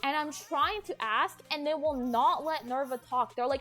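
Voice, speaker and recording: A woman's voice: sits high, normal speed, hardly any pauses, bright, forceful tone, soft background music. A young woman streamer telling a long personal story in a rambling way, full of "like" and swearing. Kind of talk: casual storytelling to stream chat.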